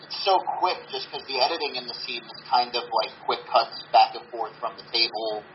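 A man's voice: medium pitch, steady tone, fairly quick. A young man co-hosts a casual movie podcast. He rambles through his nitpicks and swears freely. His audio is slightly dull, with a faint hiss underneath. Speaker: podcast co-host. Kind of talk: casual movie review chat.

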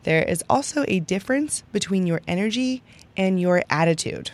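A woman's voice: medium pitch, expressive, moderate pace. A young adult woman hosting a podcast, teaching in a chatty, upbeat way and often tagging lines with "right?". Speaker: podcast host. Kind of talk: casual teaching monologue.

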